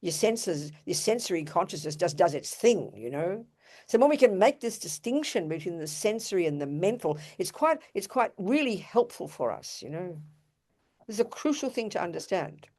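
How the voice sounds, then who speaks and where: A woman's voice: fairly low pitch, big pitch swings, normal speed, darkish tone. An older woman giving an earnest, emphatic Buddhist dharma talk, with rhetorical asides to her audience. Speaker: Buddhist teacher.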